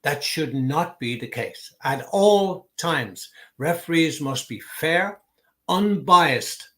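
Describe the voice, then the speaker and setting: A man's voice: a little high, expressive, slow pace, sharp tone. A man giving an emphatic, explanatory solo talk on football refereeing, repeating key words for stress. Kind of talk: solo opinion talk to camera.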